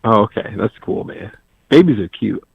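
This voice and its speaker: A man's voice: on the low side, expressive, moderate pace, gravelly, breathy edge, narrow, tinny audio. A man in his thirties chatting casually on his phone from a driveway outdoors, laid-back and joking. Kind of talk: casual chat.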